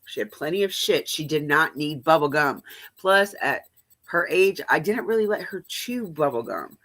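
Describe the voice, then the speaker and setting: Bright lady on a livestream just chatting, blunt, cusses a lot. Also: low-pitched, expressive, normal speed. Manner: blunt, profane storytelling. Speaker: live stream host. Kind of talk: casual chat.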